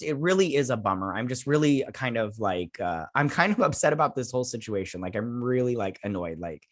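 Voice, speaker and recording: A man's voice: medium pitch, a bit bright. A man hosting his own reaction vlog, ranting heatedly with many restarts and fillers. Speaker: YouTube channel host.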